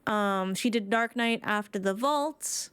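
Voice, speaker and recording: A woman's voice: mid-range voice, slow pace, a bit bright, clean tone, dry recording. A woman streamer giving casual, playful commentary on her game, chatty and full of slang and nervous asides.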